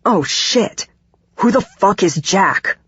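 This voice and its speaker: A woman voicing a protective young man who talks stern and low, yelling in anger. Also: animated, slow, slightly rough, no echo, exaggerated voice. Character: tough young man, boyfriend, angry and protective. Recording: dull, dry audiobook recording.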